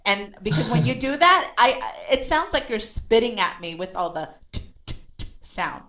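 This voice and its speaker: A woman's voice: fairly high pitch, very animated, bright, forceful tone. Patient woman coaching pronunciation, lo-fi. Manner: patient, drills sounds slowly and repeats them. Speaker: pronunciation tutor. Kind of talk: one-on-one accent coaching. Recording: dull lo-fi recording.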